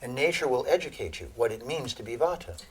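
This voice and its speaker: A man giving a lecture on Ayurveda to an audience, telling animated stories and laughing at his own jokes. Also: medium pitch, fast talker, slightly rough. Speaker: Ayurveda teacher.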